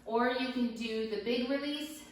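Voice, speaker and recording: A woman dog trainer running a training session, calmly explaining steps and praising her dogs in bright, high-pitched bursts. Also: moderate pace. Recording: echoey room, mic at a distance.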